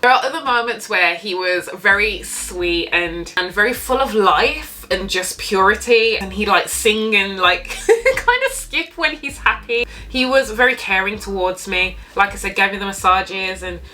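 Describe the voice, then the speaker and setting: Young woman vlogger, bright voice, candid and sweary storyteller. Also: medium pitch, a little slow, few pauses. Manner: candid, animated, swears freely. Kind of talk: casual storytime.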